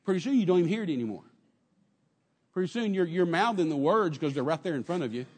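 Animated preaching man, echoing church. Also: on the high side, quick pace, husky. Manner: animated preaching, acts out quotes, drops to a soft murmur. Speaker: pastor. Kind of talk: sermon.

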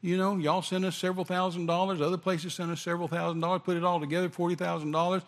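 A man preaching a sermon, animated, rising to shouts at its peaks. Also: high-pitched, rapid-fire. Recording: long hall reverb.

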